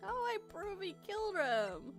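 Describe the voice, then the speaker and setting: A woman streaming a game live, chatting in a silly, playful way with sudden loud outbursts. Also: very high voice, very animated, moderate pace. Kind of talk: live gameplay commentary. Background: soft lofi music.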